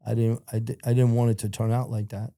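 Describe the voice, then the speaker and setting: A man's voice: mid-range voice, fast. An older man, a podcast guest, telling old crime stories in casual, profane talk and acting out the voices of others. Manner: profane, animated, acts out other people's voices. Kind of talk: casual storytelling.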